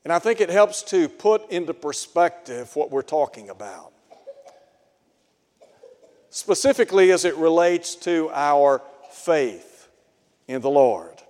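Slow deliberate guy preaching on the radio, bit higher voice, long reverb like a big hall. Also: sing-song, darkish tone. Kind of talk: radio sermon.

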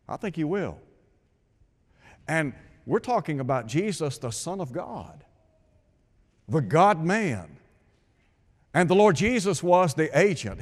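A man delivers a sermon, posing questions to his listeners and stressing scripture lines with emphasis. His voice sits a little higher than most men's. It rings out with a long reverb, as in a large hall. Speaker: preacher.

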